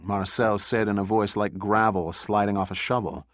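A man narrating an audiobook in a steady, measured scripted reading. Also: lowish voice, no room sound, studio quality.

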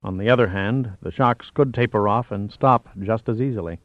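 A man's voice: lowish voice, moderate pace, no echo, phone-quality sound, lightly acted. A man voicing a gloomy, hesitant male seismologist who sounds worried. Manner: dismal, hesitant.

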